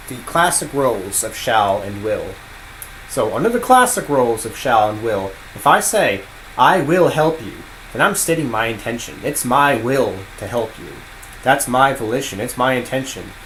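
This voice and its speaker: A man teaching a video lesson on grammar, explaining in an animated, emphatic way and acting out example sentences. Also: fairly low pitch, slight background noise, low-quality recording. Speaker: language teacher.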